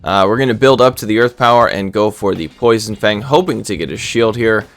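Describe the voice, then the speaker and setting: Low-voiced man commentating a game. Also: fairly quick, faint music behind. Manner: self-deprecating, rambling with stutters. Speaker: gaming commentator.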